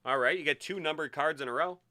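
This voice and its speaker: A man hosting a live-streamed sports card break, chatty and excitable as he hypes each card he pulls. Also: a little high, quick pace.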